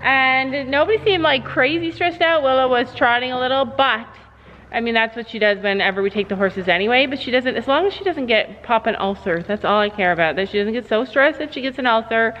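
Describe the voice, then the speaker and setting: A woman's voice: on the high side, fairly quick. A woman vlogging casually at a horse barn, chatting to viewers and soothing her horses. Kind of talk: casual vlog talk to camera. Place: horse barn and trailer, outdoors. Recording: slightly dull sound with faint noise.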